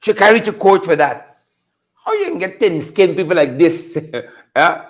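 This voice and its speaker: A man hosts a casual commentary show. His voice sits very high and swings widely in pitch, and he talks slowly and deliberately. He teases, laughs often and repeats his lines for effect. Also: big pitch swings. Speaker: host.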